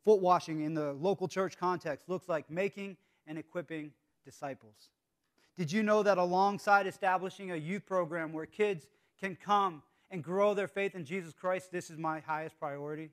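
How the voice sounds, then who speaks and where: Earnest high-voiced pastor preaching. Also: male voice, steady tone, normal speed. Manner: earnest, swings from hushed to emphatic. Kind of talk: sermon.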